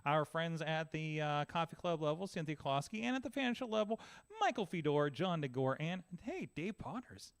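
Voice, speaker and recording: A man with a slightly high, animated voice hosts a live podcast in a relaxed, chatty way. His pitch swings widely as he reacts, and he laughs easily between remarks. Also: clear, resonant tone. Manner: lively, chatty, quick to laugh. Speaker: podcast host. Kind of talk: casual live podcast chat.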